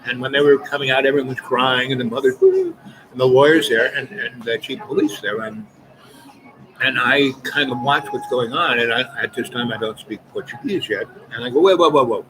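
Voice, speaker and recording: A man telling a rambling personal anecdote, halting often and restarting his sentences. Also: medium pitch, animated, noisy background. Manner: halting, many restarts and repeated words. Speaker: storyteller. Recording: voice over clear background music.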